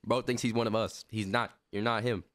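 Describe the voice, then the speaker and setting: A man's voice: lowish voice, fairly even intonation, a little fast. A man hosting a casual reaction stream, teasing and repeating his points. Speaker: host.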